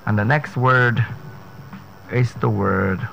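A man's voice: medium pitch, steady tone, slow, gravelly, a bit bright, faint music behind. A man, a speech coach giving an emphatic pronunciation lesson, repeating and spelling out words. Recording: dull lo-fi sound with faint noise.

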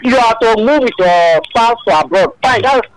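High-voiced Nigerian man calling in by phone. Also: expressive, normal speed, rough recording. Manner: explaining at length, checking the host follows. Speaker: radio phone-in caller. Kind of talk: phone-in radio chat.

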